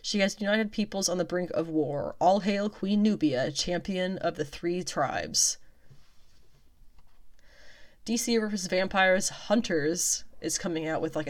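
Lower-voiced woman reading comic listings. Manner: chatty, wry asides between listings. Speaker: comics news vlogger.

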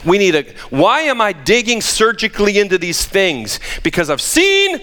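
A man's voice: sits high, very animated, moderate pace, bright, forceful tone. A man preaching a sermon as pastor, emphatic with joking asides, in a church sanctuary. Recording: long reverb of a large hall.

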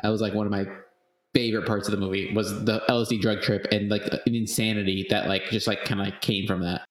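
Casual male co-host, low-pitched, rambling delivery with cursing, roomy sound. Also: flat delivery, fast talker. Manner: rambling, profane, laughs often. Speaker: podcast co-host. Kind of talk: casual chat.

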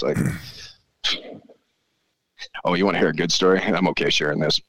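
Profane, animated low-voiced man storyteller. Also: normal speed, pauses often, no echo, poor audio. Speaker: podcast guest. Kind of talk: casual storytelling chat.

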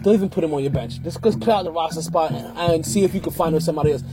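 A man's voice: on the high side, very fast, music in the background. A man hosting a fantasy football podcast in a casual, rambling way, often repeating and correcting himself. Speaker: podcast host.

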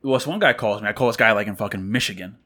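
Guy from new york on a podcast, bright voice, gets loud acting out what people said. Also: lowish voice, racing. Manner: animated, acts out quotes in a raised voice. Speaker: podcast co-host. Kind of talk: casual storytelling chat.

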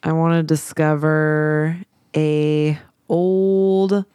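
A woman player in a casual tabletop game, laughing often and swearing freely. She talks slowly in a low-set voice. The sound is dry and close. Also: little pitch movement, dark tone, smooth, no room sound. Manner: laughing, profane.

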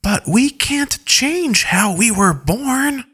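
A timid young tribe creature, as a man puts it on, asking simple questions in a high, soft, childlike voice. The delivery is slow and plaintive. Its brightness suits a storybook telling. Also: animated, breathy edge, full character voice. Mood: pleading.

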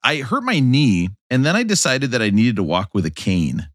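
A man's voice: medium pitch, huge pitch swings, moderate pace, no room sound, clean studio sound. A man in his thirties, co-hosting a casual podcast chat and telling jokey stories with animation. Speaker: podcast co-host.

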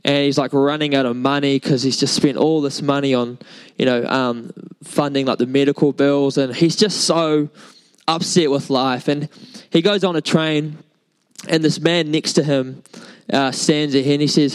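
Casual young New preacher. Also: male voice, medium pitch, fairly even intonation, a little slow, clean tone, low-quality recording. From New Zealand. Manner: casual, filler-heavy storytelling. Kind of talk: sermon with storytelling. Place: church service.

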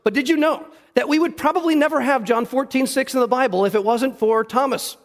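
A man's voice: very high-pitched, brisk, long reverb tail. A man preaching a sermon in church, talking conversationally and putting questions to the congregation. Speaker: pastor. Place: church sanctuary.

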